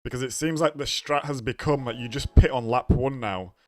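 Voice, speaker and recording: A man's voice: brisk, a little mellow. Tired man streaming a racing game. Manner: low-key, trailing off, sighing groans. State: very tired, yawning. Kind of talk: casual live-stream commentary.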